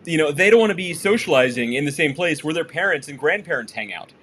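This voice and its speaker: A man's voice: a little high, animated, fast talker, fairly bright tone, slight background noise. A man co-hosting a business podcast in casual chat, talking loosely with lots of fillers and restarts. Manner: chatty, full of fillers and restarts. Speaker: podcast co-host.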